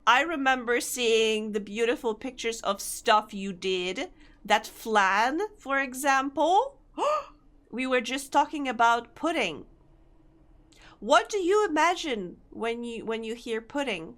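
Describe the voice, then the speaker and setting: A woman's voice: fairly high pitch, expressive, takes it slowly, fairly bright tone. A young woman, chatting casually with her live-stream audience, giggly and chatty. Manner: giggly, chatty, reacting to chat.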